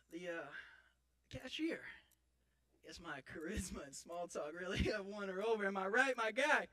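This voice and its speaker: High, bright-voiced goofball from a man rambling on a church stage, swings wildly up and down. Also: heavily acted. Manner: rambling, self-mocking, theatrical outbursts. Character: clumsy boastful young man, injured, comic. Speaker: actor in a church Christmas skit. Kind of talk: comic stage monologue. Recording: live church audience.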